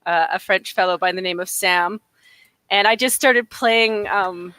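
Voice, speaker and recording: A woman's voice: medium pitch, unhurried, pushed and bright, clean tone, no room sound. A woman from northern Alberta with a Canadian accent, co-hosting a casual podcast chat, rambling and often laughing mid-sentence.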